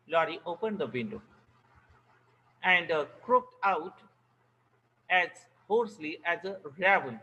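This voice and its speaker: Slow, bright-voiced teacher. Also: male voice, fairly high pitch, expressive, poor audio. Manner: reads a phrase, then explains words with Hindi glosses; repeats phrases slowly, stressing key words. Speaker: English teacher. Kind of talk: explaining a story line by line.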